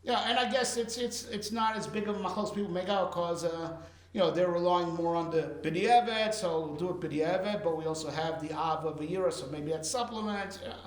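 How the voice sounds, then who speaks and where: A man's voice: sits high, brisk, echoey room. A man, a rabbi, teaching a Torah class and explaining with rhetorical questions and lots of fillers.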